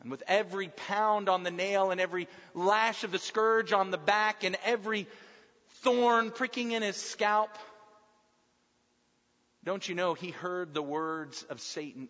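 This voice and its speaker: A male preacher with a high voice delivers an emphatic sermon. He builds his points through lists of repeated phrases. The recording sounds dull and muffled, with a long echo from a large hall. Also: unhurried, fairly bright tone.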